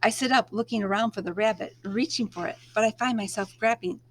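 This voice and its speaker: A woman reading a novel aloud, narrating in the first person at a measured, expressive pace. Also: on the high side. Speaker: read-aloud storyteller.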